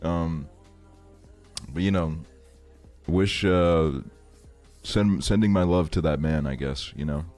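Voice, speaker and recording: A man's voice: low voice, slow pace, long pauses, a little mellow, soft background music. A man in his twenties telling a rambling story on a live stream, laughing often and swearing a lot. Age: 20s. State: tired. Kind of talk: casual stream chat, storytelling.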